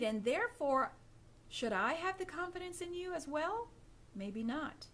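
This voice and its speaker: A woman with a slightly high voice coaches live-stream viewers on workplace manners. She talks directly and instructively, calls her listeners ladies, and acts out how hesitant speech sounds next to confident speech. She is recorded on a phone or webcam. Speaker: etiquette coach.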